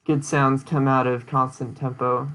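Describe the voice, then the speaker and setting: A man's voice: mid-range voice, little pitch movement, measured pace, a bit bright. Rambling young man recapping a presentation. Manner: rambling with many fillers and restarts. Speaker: streamer giving a presentation recap. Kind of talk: casual chat.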